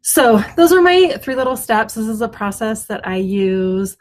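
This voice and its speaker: A woman's voice: on the high side, sing-song, normal speed. A middle-aged woman talking to camera from home, casual and encouraging, with lots of ums and restarts. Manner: chatty, warm-hearted, many ums and restarts; often glances at her notes. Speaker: web designer hosting a weekly mindset video. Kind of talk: casual self-help talk to camera. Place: at home, front yard noise outside.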